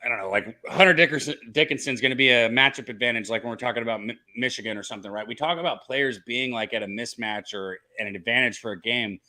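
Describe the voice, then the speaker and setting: Man, middle pitch, bright tone, casual host of a live betting stream, excitable. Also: fast, few pauses. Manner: excited, swears, shouts out chat viewers.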